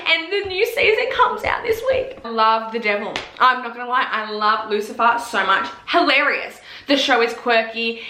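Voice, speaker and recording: Gushing, foul-mouthed woman vlogger. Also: a little high. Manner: gushing, profane, excitable. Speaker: vlogger reviewing TV series. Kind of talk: casual chat to camera. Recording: echoey room.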